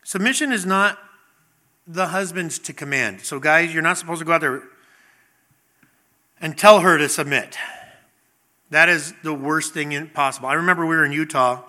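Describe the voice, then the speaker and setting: A man's voice: a little high, moderate pace, pauses often, sharp tone. A middle-aged man preaching a sermon in a conversational way, asking the congregation questions and acting out little scenes. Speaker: pastor.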